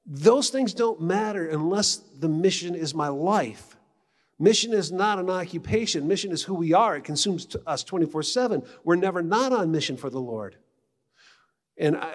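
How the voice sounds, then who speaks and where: Middle-aged guy giving a retreat talk, chatty storyteller, kinda high voice, lots of hall echo. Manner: conversational, animated storyteller. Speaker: retreat speaker. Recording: long hall reverb.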